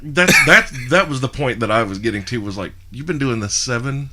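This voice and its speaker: A man hosting a casual podcast, swearing freely and reacting with excitement. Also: medium pitch, a little fast, background noise. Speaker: podcast host. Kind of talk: casual chat.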